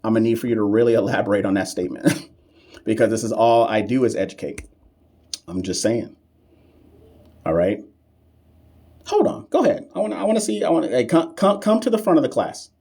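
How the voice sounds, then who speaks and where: A man's voice: lowish voice, lively intonation, fairly quick, pauses often, mellow. A man runs a live-stream lesson on nursing exam questions. He is sassy and playful, answers viewers' comments directly, and leans on slang and emphatic repetition to drive points home. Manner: sassy, playful, talks back to chat.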